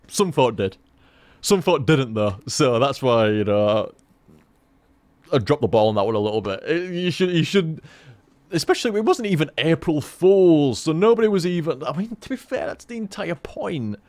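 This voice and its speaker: Man, casual gaming commentary, lively swooping pitch, dry close sound, swears a lot. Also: moderate pace, no echo. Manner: chatty, swears freely, laughs at himself. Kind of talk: casual rambling chat.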